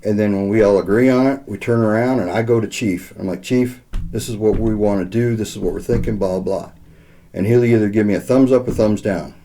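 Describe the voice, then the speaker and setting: A man's voice: lowish voice, fairly quick, mellow. A middle-aged man, a podcast co-host, tells a long heartfelt story in casual chat, rambling with lots of "uh" and quoted back-and-forth. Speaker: podcast co-host leading a school safety program.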